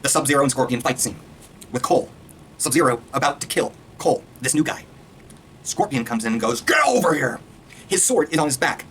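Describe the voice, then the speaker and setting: A man in full rant mode, swearing constantly and jumping from point to point. His voice sits at an ordinary middle pitch. A faint background hiss runs under the recording. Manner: excitable, profane, rapid-fire ranting. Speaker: video reviewer. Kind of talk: casual rant.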